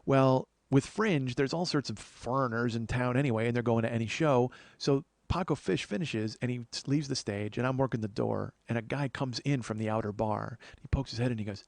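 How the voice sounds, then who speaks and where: A man's voice: mid-range voice, brisk, vocal fry, few pauses, no room sound. A man hosting a comedy podcast, chatting casually and jokily, rambling with frequent restarts. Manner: rambling, joking, lots of "uh" restarts. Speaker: podcast host.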